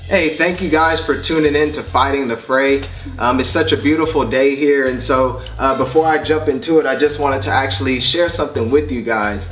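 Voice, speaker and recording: A man's voice: medium pitch, moderate pace, a bit bright. A man hosting a family vlog, speaking earnestly and reflectively to his viewers, with frequent fillers as he talks about being a father. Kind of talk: heartfelt family vlog talk. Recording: roomy echo, distant mic, faint music.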